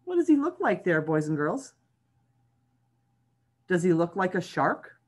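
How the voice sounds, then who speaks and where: Animated story time librarian woman. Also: fairly low pitch, a little slow. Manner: animated, talking to young children. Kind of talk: read-aloud story time for kids. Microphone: video call.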